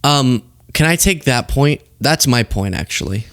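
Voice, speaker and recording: A sarcastic male host delivering casual political commentary, often laughing at his own remarks. His voice sits at an ordinary pitch, and the recording is dry and close. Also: expressive, a little slow, fairly bright tone, dry recording.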